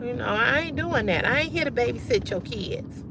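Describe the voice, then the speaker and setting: A woman's voice: on the high side, lively intonation, normal speed, gravelly, very noisy. A woman hosting a casual livestream, talking bluntly and with profanity straight to her viewers in a style. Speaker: livestream host.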